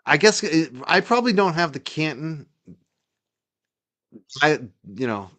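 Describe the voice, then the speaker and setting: Chatty North Shore Massachusetts host. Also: male voice, a little high, sing-song, a little slow, pushed and bright. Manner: chatty and rambling, with frequent "uh" fillers. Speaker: livestream host. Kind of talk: casual livestream chat.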